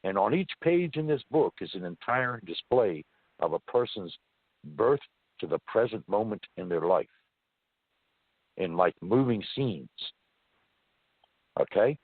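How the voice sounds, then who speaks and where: Husky-voiced man telling a story by phone. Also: fairly low pitch, unhurried, pauses often, no room sound. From California. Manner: animated, folksy storyteller. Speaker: interview guest. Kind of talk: first-person storytelling. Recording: dry muffled phone line.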